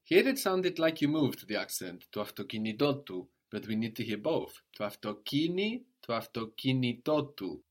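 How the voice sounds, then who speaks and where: A man's voice: fairly low pitch, big pitch swings, normal speed, few pauses. A man teaching a language lesson, explaining points patiently and modeling phrases for a student to repeat.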